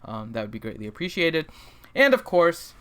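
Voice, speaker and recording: A man hosts a laid-back gaming livestream, with a rather high, bright and forceful voice. He jokes around and rambles, filling gaps with ums and uhs as he talks over a voice call. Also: sing-song, normal speed, smooth. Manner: joking, rambling, with many fillers. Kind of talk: casual livestream chat and game roster review.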